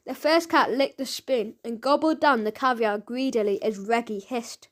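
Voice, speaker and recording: A woman narrating a children's audiobook in a lively, expressive storytelling manner. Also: fairly high pitch, moderate pace, hardly any pauses.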